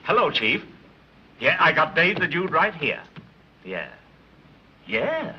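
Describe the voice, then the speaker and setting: An actor playing a sarcastic, hard-nosed police commissioner in an old film. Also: male voice, on the high side, wildly swooping pitch, slow, slight background noise, exaggerated voice. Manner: sarcastic, clipped. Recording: dull muffled 1930s film soundtrack.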